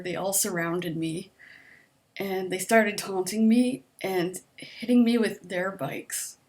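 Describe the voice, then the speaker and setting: A young adult woman vlogging, telling a personal story in a chatty way with laughs, sighs and sudden high-pitched outbursts of disbelief.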